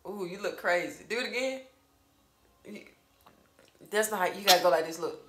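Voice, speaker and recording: A woman's voice: medium pitch, normal speed. A woman hosting a casual mukbang at home with her child, talking to the camera in a playful, teasing way. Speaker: mukbang host and mother. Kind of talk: casual chat to camera while eating. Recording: echoey room.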